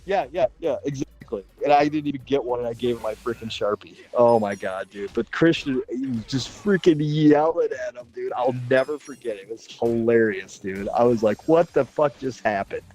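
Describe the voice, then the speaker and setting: A man telling a story in animated, casual chat, swearing and laughing as he goes. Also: medium pitch, moderate pace, hardly any pauses, soft background music, rough recording. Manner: excitable, swears and laughs a lot. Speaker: podcast panelist.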